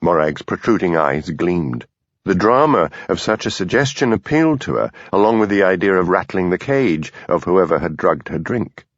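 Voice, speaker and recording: A man narrating an audiobook in a measured, expressive reading. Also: deep voice, no echo. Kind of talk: scripted narration. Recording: dull lo-fi dry studio recording.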